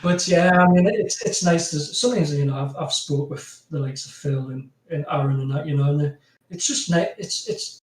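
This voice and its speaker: A man's voice: a little high, normal speed. A man with a strong Geordie accent chatting as a podcast guest, rambling with lots of fillers and frequent laughs. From North East England. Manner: rambling, laughs often, many "you know" fillers. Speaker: podcast guest, graphic designer. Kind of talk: casual chat. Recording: roomy, distant from mic.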